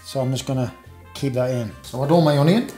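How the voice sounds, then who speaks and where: A man's voice: medium pitch, brisk, mellow. Chatty Yorkshire man in an echoey kitchen. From Yorkshire, England. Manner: chatty and upbeat, talking through each step. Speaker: chef and cooking show host. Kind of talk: casual cooking video narration. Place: home kitchen. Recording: echoey kitchen with faint music. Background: faint background music.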